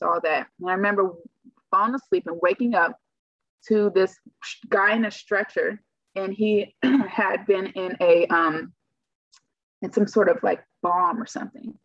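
Woman guest, rambling storyteller, filler-heavy, middle pitch, dull and dry recording. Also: dry recording. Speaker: guest telling her story. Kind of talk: casual personal storytelling.

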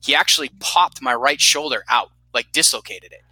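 A man in his thirties from Vermont casually telling animated, profane stories about his army days. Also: mid-range voice, normal speed, no room sound, rough recording. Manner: profane, animated storyteller who acts out quotes. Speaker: guest telling war stories. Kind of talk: casual storytelling.

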